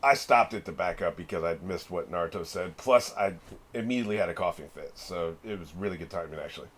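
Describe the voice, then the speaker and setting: Low-pitched and fast-talking, a middle-aged reaction channel host chats casually through a video, cursing freely and laughing often.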